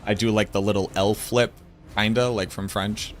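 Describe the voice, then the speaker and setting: This game streamer from Boston, United States, speaks with a Boston accent in a steady voice on the low side at normal speed, with slight background noise. He chats casually and playfully with his livestream viewers, answering their messages.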